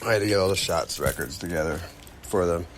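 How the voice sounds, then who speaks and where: A man's voice: low-pitched, fast, crowd noise. A man hosting a casual home podcast, laid-back and murmuring agreement often. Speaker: podcast host.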